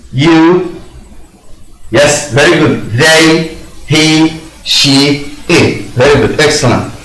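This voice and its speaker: A man's voice: a little high, a bit bright. A male teacher walking a class through a grammar point, coaxing answers and filling in each reply himself with "yes" and "very good". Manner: slow, coaxing, answers his own prompts with "yes". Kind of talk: classroom lesson explanation. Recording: roomy echo.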